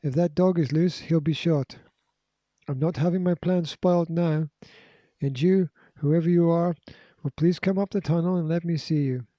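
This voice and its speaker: A man voicing a menacing, armed male villain who makes harsh, forceful threats, in a storybook reading. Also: on the high side, steady tone, normal speed, no echo, muffled recording, pitched above the performer's own voice, close to an everyday voice. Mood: threatening.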